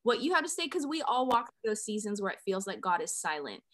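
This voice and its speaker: Woman hosting a christian podcast, upbeat and eager, medium pitch. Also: big pitch swings, quick pace, a bit bright. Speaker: podcast host. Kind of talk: faith podcast intro and interview.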